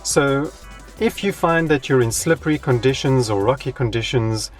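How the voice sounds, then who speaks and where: A man's voice: mid-range voice, moderate pace, faint music behind. A man giving a casual, conversational car review from inside a parked car. He speaks frankly and talks straight to his viewers.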